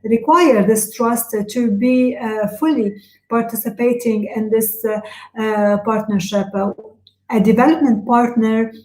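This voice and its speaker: A woman interpreting a webinar live, in a halting delivery full of filler sounds and restarts. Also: a little high, steady tone, a little mellow, echoey room, low-quality recording. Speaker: simultaneous interpreter.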